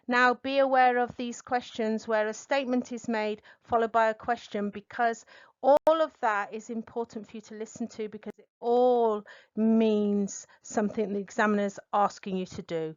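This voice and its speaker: A woman's voice: fairly high pitch, fairly even intonation, no room sound, muffled recording. A middle-aged woman English tutor giving a spoken lesson, explaining carefully and stressing key words. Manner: clear, deliberate teaching delivery with stressed key words. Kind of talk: spoken language lesson to camera.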